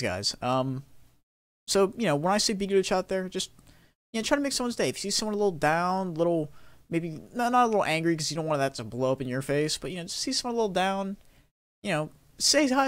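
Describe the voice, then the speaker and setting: Fast-talking upbeat young man. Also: medium pitch, fairly bright tone, dry recording. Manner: rambling, upbeat, laughs often. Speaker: YouTube gaming creator. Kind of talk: casual talk to camera.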